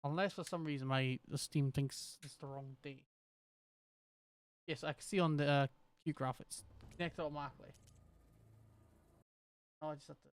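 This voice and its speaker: A man's voice: a little high, steady tone, normal speed, pauses often, smooth, dry recording. A man with a Scottish accent streaming a game, rambling and thinking aloud as he troubleshoots his setup. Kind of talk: casual gameplay commentary.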